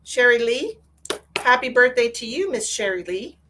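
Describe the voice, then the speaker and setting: A woman's voice: fairly high pitch, big pitch swings, moderate pace. A woman with a somewhat raised voice talks casually as host of a live psychic reading stream. She chats with her viewers and calls them by pet names. A faint hiss of noise sits behind her.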